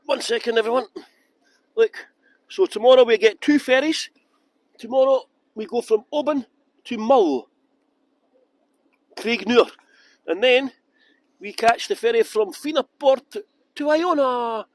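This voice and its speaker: A man's voice: extremely high pitch, a little slow, long pauses, no room sound. Chatty Scottish man guiding a live tour. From Scotland. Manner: chatty and jokey, greets viewers by name, breaks into song. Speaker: live-stream tour guide. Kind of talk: casual walking tour commentary. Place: outdoors at a harbour ferry terminal.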